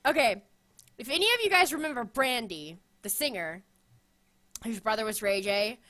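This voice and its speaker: A young woman co-hosting a casual chat, excitable and profane, quick to laugh and shriek. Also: on the high side. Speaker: co-host.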